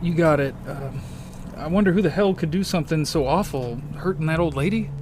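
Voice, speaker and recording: A man's voice: fairly high pitch, brisk, background noise, voice pushed up, natural voice. A man voicing a nervous young male sidekick who drives for a detective, talking with a stammer. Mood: uneasy. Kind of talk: audio drama acting.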